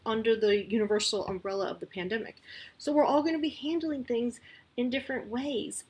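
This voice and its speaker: A woman's voice: medium pitch, breathy edge, low-quality recording. A woman talking casually as a parent sharing advice, candid and chatty with lots of asides.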